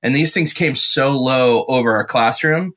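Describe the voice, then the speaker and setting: A man's voice: mid-range voice, measured pace. A young adult man, a podcast guest, telling a story in casual chat and slipping into impressions. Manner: animated storyteller, slips into voices. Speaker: podcast guest, musician and actor.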